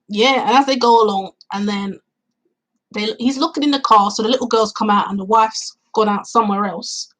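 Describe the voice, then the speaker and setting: A woman chats through a film's plot for her vlog, her voice slightly husky and breathy at an ordinary middle pitch. She rambles step by step, piling on fillers and acting out her own reactions as she goes. She talks outdoors on a cool day. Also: rough recording. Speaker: film reviewer. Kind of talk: casual spoken film review.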